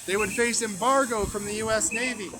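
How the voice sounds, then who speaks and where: A man giving a loud, emphatic political speech outdoors on a street, his voice strained. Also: high-pitched, steady tone, fairly quick. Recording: crowd noise behind an outdoor stream.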